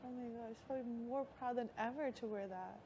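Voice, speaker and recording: Young woman, casual chat, bright high voice, animated retellings, noisy live feed audio. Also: fast talker. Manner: excitable, quotes others in animated voices. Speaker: reality show houseguest. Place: live feed house recording.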